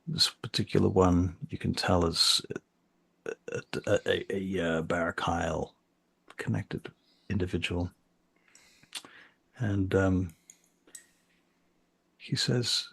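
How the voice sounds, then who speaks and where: A man narrating as game master of a tabletop role-playing game, halting often with fillers and restarts. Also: low-pitched, fairly even intonation, vocal fry, a bit bright, husky.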